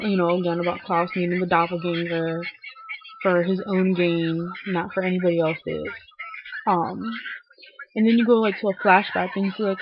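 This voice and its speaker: A young woman recapping a TV episode in a chatty, filler-heavy way, swearing casually and sounding a little low from feeling unwell. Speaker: TV recap vlogger. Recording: dull lo-fi webcam audio with faint hiss.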